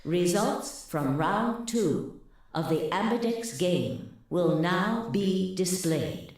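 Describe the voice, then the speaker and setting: An actress voicing a cold, automated announcer AI that reads formal countdowns and notices in a game. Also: female voice, fairly low pitch, expressive, slow, darkish tone. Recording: echoey game audio.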